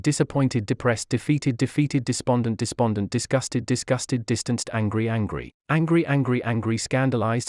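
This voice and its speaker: A man calmly reading an audiobook chapter, going slowly through long lists of single words. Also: mid-range voice, dry recording, clean studio sound. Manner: slow, measured reading of long word lists. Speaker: audiobook narrator. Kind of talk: scripted narration.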